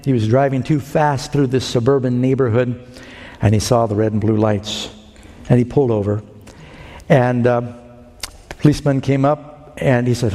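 A man's voice: medium pitch, warm tone. A man preaching a sermon, earnest and emphatic, telling a story to his congregation. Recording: long hall reverb.

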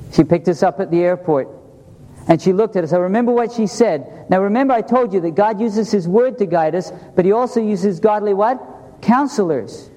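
A man's voice: sits high, mellow. A middle-aged man preaching a sermon in a church, earnest, asking the congregation questions as he talks. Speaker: pastor. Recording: long hall reverb.

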